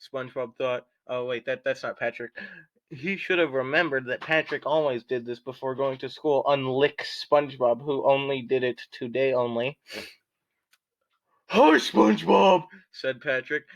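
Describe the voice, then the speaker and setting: A man's voice: mid-range voice, normal speed, fairly bright tone. A young man casually reading a story aloud with friends, joking and giggling.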